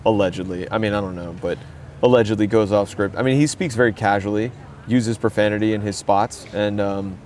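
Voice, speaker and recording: A man's voice: fairly low pitch, fairly even intonation, a little fast, darkish tone, a little hiss or hum. A man co-hosting a podcast, chatting casually in a rambling, jokey way that keeps correcting itself. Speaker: podcast co-host. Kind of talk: casual chat.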